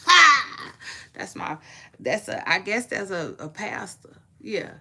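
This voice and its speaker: A woman hosting a casual celebrity gossip vlog, chatting to her viewers in a playful, drawn-out way with frequent asides. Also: medium pitch, animated, vocal fry, sharp tone, slight background noise. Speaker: vlog host.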